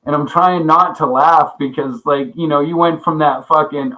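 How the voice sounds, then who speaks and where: A man's voice: a little high, fairly even intonation, normal speed, few pauses, pushed and bright, low-quality recording. A man hosting a casual livestream chat, rambling and swearing a lot, often laughing as he greets viewers by name. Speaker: livestream host.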